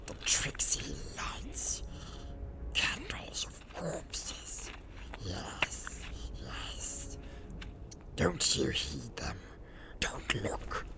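Gollum, a hissing gravelly creature. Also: male voice, fairly high pitch, voice pushed up, exaggerated voice. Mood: fearful, hushed. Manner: drawn-out, repetitive, cackling. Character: wretched creeping male creature, sly and fearful. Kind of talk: audiobook character voice.

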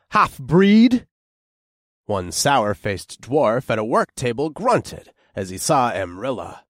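A man narrating a first-person fantasy audiobook in an expressive, unhurried way. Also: medium pitch, no echo, clean studio sound.

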